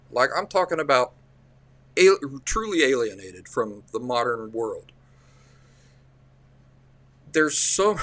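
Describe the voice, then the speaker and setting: Appalachian man, livestream host, folksy and rambling, mid-pitched voice, restarts a lot. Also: a bit bright, no room sound. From central Appalachia. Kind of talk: casual livestream storytelling.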